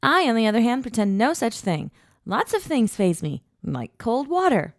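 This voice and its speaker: A woman's voice: fairly high pitch, sing-song, normal speed, no echo, studio quality, voice pushed up. A woman voicing a playful young heroine in an audiobook, teasing and protesting in a raised, squealing voice.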